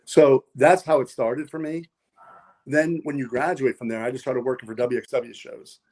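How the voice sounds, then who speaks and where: Over a noisy background, a man with a steady mid-range voice at normal speed guests on a podcast. He's a wrestler and pilot who tells long, rambling stories in a casual interview, full of fillers and repeated words.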